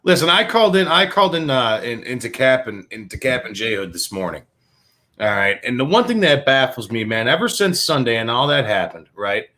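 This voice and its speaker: A man's voice: medium pitch, big pitch swings, brisk, pushed and bright. Guy hosting sports talk, fired up, cursing, voice swinging up and down a lot. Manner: fired-up, profane, repetitive restarts. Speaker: sports talk show host. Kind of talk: heated sports radio rant.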